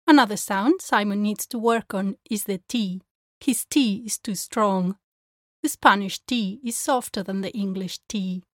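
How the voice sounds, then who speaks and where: A woman language teacher giving a pronunciation lesson, speaking clearly and carefully as she demonstrates sounds. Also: medium pitch, measured pace, no echo, studio quality.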